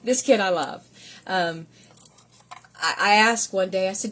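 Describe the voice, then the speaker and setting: A woman's voice: mid-range voice, unhurried, fairly bright tone. A middle-aged woman, a third-grade teacher, chatting casually at home in a rambling, gushing vlog. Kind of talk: casual vlog chat showing gifts.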